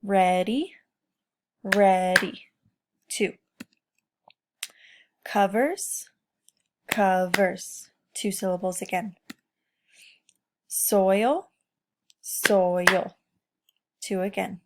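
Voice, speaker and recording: A woman's voice: mid-range voice, extremely slow, pauses often, background noise. Woman teacher, encouraging sing-song delivery to young kids, takes her time. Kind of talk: remote classroom lesson for children.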